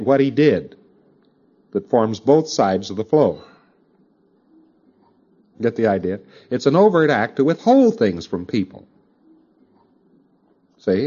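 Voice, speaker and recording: Man lecturer, animated pitch, chatty asides to the room, dull lo-fi tape. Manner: conversational, with frequent asides to the audience. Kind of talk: recorded lecture.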